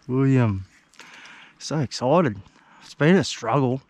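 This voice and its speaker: An Australian man hosting a fishing channel, chatting excitedly to the viewers and the fish from outdoors by a river. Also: medium pitch. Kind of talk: casual fishing vlog commentary.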